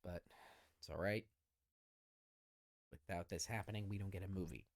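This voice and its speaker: A man's voice: sits low, moderate pace, no echo, studio quality. A man co-hosting a podcast, chatting casually about a movie and retelling its scenes, often slipping into the characters' lines. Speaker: podcast co-host. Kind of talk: casual film discussion.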